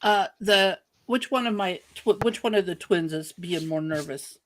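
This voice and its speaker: A player in a tabletop game, speaking slowly and deliberately. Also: medium pitch. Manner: slow, deliberate.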